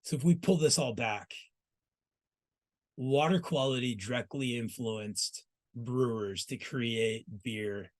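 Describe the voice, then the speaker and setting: A man's voice: medium pitch, slow pace. A man hosting a trade news segment, telling history in a storytelling way and speaking straight to the listener. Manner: storytelling, addresses listener directly. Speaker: host.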